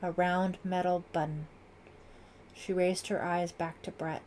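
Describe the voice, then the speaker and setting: A woman narrating a thriller audiobook in a measured, dramatic reading. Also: lowish voice, flat delivery, darkish tone, a little hiss or hum.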